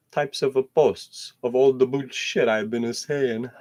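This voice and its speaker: A man hosting his own solo show, rambling in a profane stream-of-consciousness monologue that slips into half-rapped verses and swings between loud outbursts and low mutters. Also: fairly even intonation, a little slow, few pauses.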